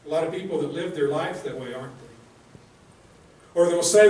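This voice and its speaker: Male minister, earnest and direct sermon delivery, slightly high voice, heavy room echo, mic a bit distant. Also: normal speed, pauses often, darkish tone. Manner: earnest, direct, asks rhetorical questions. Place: church sanctuary.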